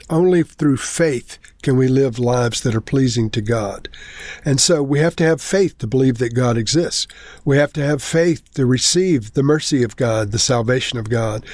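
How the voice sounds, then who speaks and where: A man preaching a sermon as pastor, earnest and measured, slowing down to stress key words. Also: medium pitch, a little mellow, dry recording.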